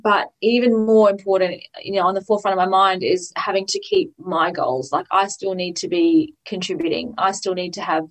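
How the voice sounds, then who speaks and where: A woman's voice: on the low side, fairly even intonation, fairly quick, hardly any pauses, rough recording. Reflective woman in casual chat. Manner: talkative, reflective, many likes and you-knows.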